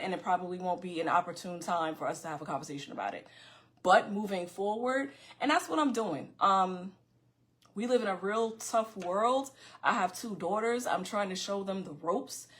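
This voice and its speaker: Fast, loud New woman podcasting. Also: medium pitch. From Far Rockaway, Queens, New York. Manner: fast and loud, scattered restarts. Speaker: podcast host. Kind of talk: casual livestream talk to viewers.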